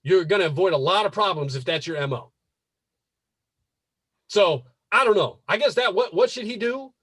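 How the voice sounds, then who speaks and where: A man with a high, breathy-edged voice that swoops up and down as he rants on a casual podcast. He hammers his points home with repetition and swearing. The sound is dry, with no room around it. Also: lively intonation, moderate pace, fairly bright tone, no echo. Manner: emphatic, repetitive, profane. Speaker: podcast host.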